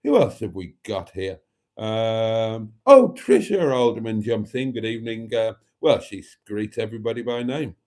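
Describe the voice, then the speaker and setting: Wry, mellow-voiced man streaming. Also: fairly low pitch, normal speed. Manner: wry, theatrical, calls viewers darlings; relaxed and a bit rambling, sipping wine. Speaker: channel host. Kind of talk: live stream chat reading viewer comments.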